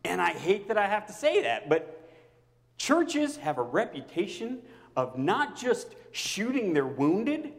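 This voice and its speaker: A man preaching a personal sermon to his congregation as their pastor, swinging between loud outbursts and near-whispers. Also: high voice, very animated, unhurried, long reverb tail.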